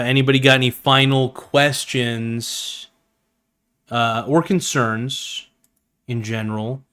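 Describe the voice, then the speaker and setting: A man's voice: medium pitch, a bit bright, smooth. A man hosting a live stream, chatting casually in an enthusiastic, rambling and jokey way.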